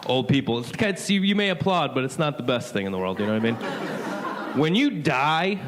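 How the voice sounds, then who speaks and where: A man telling a stand-up story, animated and chatty, often checking in with the crowd. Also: medium pitch, fairly quick, noisy background. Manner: animated, keeps asking "you know what I mean". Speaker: stand-up comedian.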